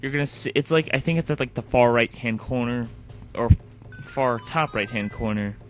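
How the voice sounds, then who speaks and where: A man's voice: mid-range voice, normal speed, soft background music. Rambling man narrating his gameplay. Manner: rambling, frequent "like" fillers. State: sleepy. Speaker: let's play host. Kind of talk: casual gameplay commentary.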